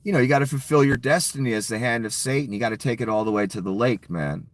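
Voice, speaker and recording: A middle-aged man rants about politics in a sarcastic, mocking tone, with heavy swearing. His voice sits at a middling pitch. The recording is dry and close, with no room sound. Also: fast talker, dry recording. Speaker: political commentary vlogger. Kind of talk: angry political rant.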